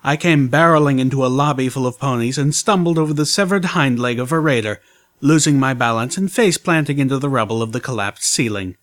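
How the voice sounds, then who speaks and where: A man reading a first-person story aloud in measured, scripted narration. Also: medium pitch, fairly bright tone. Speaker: audiobook narrator.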